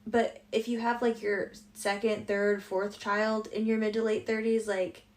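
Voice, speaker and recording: A woman's voice: mid-range voice, little pitch movement, unhurried. A woman giving wry commentary, mockingly quoting what people say. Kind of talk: commentary vlog.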